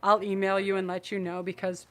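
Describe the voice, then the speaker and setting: A woman's voice: medium pitch, monotone, fairly quick. A woman hosting a live-streamed tarot reading, effusive and emotional, rambling through her messages with restarts. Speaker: tarot reader and channel host.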